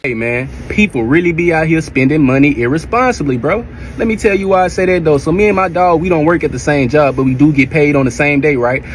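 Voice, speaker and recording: A man voicing a young guy in a comedy skit who tells a payday story in animated street slang. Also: a little high, fast talker, a little hiss or hum, natural voice.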